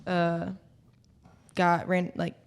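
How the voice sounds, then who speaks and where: A woman's voice: on the low side, monotone, extremely slow, clear, resonant tone. A young woman, a college cheer captain rambling through a story as a guest in a casual podcast chat. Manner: rambling, filler-heavy storytelling.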